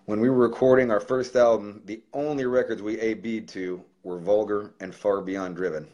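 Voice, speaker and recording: Brief: man, very low voice, cursing musician on a casual livestream, reading a heartfelt letter. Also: normal speed, few pauses, a little mellow. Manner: profane, loose and heartfelt.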